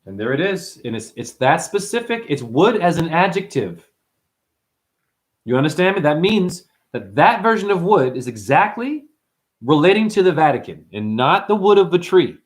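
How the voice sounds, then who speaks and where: A man's voice: a little high, big pitch swings, moderate pace. A man hosting a numerology livestream, ranting intensely at his viewers, swearing and preaching as he addresses them directly. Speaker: numerology teacher and livestream host. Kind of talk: profane livestream rant.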